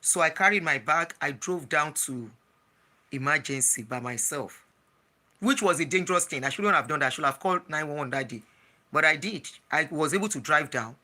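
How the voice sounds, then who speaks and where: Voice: mid-range voice, lively intonation, moderate pace, pushed and bright. An adult with a Nigerian accent telling a personal story in a casual vlog, chatty and slipping into Pidgin, with frequent restarts. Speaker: travel and lifestyle vlogger.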